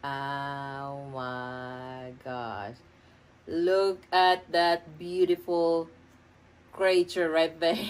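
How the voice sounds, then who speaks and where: A middle-aged woman records a mukbang eating vlog in her home kitchen, speaking very slowly in a lowish voice. Between bites she murmurs and gushes about what she is eating.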